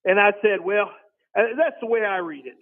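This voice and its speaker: A man on a phone call doing a rambling, folksy impression of an older male football team owner, with a deadpan delivery. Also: high voice, fairly quick. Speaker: caller. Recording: tinny phone line.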